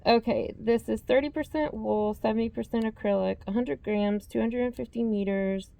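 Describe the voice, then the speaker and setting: A woman's voice: on the high side, fairly even intonation, moderate pace, gravelly, dark tone. A woman hosting a yarn vlog, chatting casually as she reads out yarn labels and corrects herself as she goes. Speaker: yarn channel host. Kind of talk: casual show-and-tell vlog.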